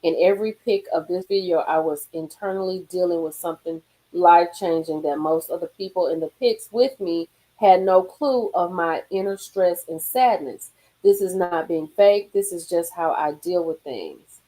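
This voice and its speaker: A woman hosting a casual live stream from a car, reading gossip aloud and reacting with sudden high exclamations and low murmurs. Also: normal speed, poor audio. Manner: animated, swings into high exclaims and drops to murmurs.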